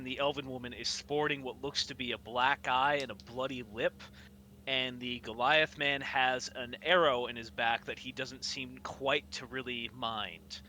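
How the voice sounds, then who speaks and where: A man narrating a tabletop game as game master, slow and descriptive, often coughing. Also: mid-range voice, sharp tone, a little hiss or hum. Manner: slow, descriptive, with frequent coughs and throat-clearing.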